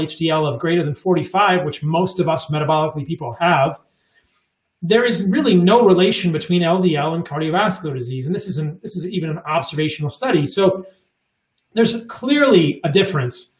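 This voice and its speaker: A man's voice: a little high, animated, brisk, roomy sound. A man in his forties, a podcast guest, talking emphatically and repeating words for stress. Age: 40s. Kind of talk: casual chat.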